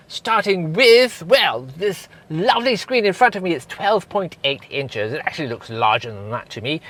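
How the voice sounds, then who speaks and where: A man's voice: fairly high pitch, a bit bright. A man doing a put-on British accent as a pompous car presenter who makes dry innuendo jokes. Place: inside a small car.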